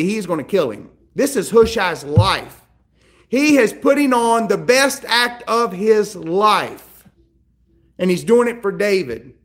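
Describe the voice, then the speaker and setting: Man, pastor, sermon, high-pitched, animated storytelling. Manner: animated, acts out biblical characters in quoted dialogue.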